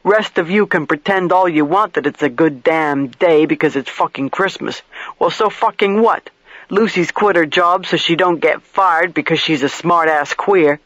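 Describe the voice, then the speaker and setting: A man putting on a drunk, loud-mouthed cop, crude and spoiling for a fight, his voice pushed a little high. The audiobook read is dry and slightly muffled, with no room around it. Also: moderate pace, no room sound, close to an everyday voice. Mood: belligerent. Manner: loud, crude, belligerent, swearing. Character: crude drunk middle-aged male police detective.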